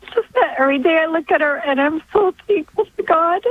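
A woman in her forties calling in to a radio show, tearful and halting, speaking with deep thanks. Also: no room sound. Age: 40s. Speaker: caller. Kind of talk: call-in radio chat. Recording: tinny phone line.

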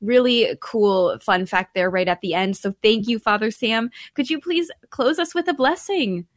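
A woman's voice: fairly high pitch, normal speed, no echo, clean studio sound. A woman hosting a radio show, cheerfully thanking guests and listeners and laughing at her own jokes.

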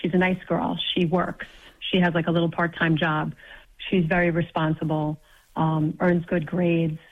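A woman calls in to a radio show, hesitant, with frequent ums and small laughs. Her voice is lowish for a woman. It comes through a dull, lo-fi phone line. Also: little pitch movement, moderate pace. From New York. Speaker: caller. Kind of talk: phone-in conversation.

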